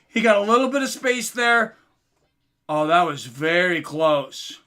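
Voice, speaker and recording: A man doing casual live commentary on a fight for his stream chat, getting louder and more excited at big moments. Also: high voice, unhurried.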